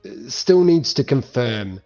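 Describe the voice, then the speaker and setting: A man's voice: mid-range voice, very animated, a little slow, darkish tone. A man narrating a tabletop game as game master, loose and full of fillers, on a muffled lo-fi recording with faint music.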